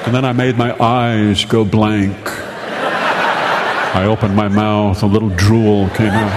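Male host-storyteller, deadpan and unhurried, long reverb. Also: on the low side, a loud crowd, very noisy. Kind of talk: humorous storytelling monologue.

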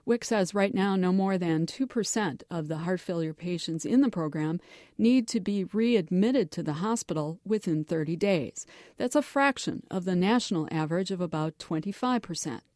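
A woman reporting a scripted radio news feature in a measured, explanatory way. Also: lowish voice, a little mellow, no room sound, studio quality.

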